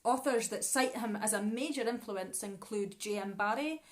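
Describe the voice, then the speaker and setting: A woman's voice: medium pitch, normal speed. A Scottish woman co-hosting a live stream in a casual, chatty way, mixing in Scots words. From Scotland. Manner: chatty, easy laughs, drops into Scots words. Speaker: co-host, musician.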